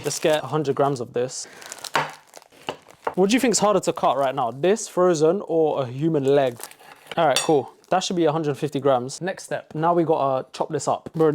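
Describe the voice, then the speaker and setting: Fast-talking jokey man. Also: fairly high pitch, a little mellow. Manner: jokey, rambling asides. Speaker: baking vlogger. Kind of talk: casual cooking vlog. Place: kitchen.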